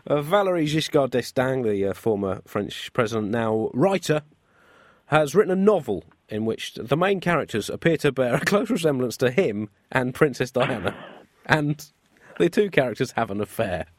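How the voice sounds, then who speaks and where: Deadpan male radio host. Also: mid-range voice, moderate pace, no room sound, studio quality. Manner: deadpan, wry. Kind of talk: comic radio banter.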